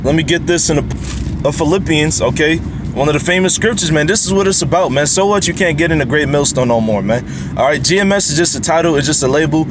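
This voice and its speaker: A man giving an informal sermon to the camera. He talks in a casual, repetitive way, ends his lines with "man" and "okay?", and reads scripture aloud slowly between his remarks. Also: on the high side, background noise. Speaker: lay preacher.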